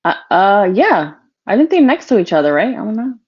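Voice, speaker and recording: A woman's voice: mid-range voice, fairly quick, breathy edge. Giggly woman on a dull, lo-fi line. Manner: playful, giggly, lively. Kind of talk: casual livestream chat. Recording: dull, lo-fi remote audio.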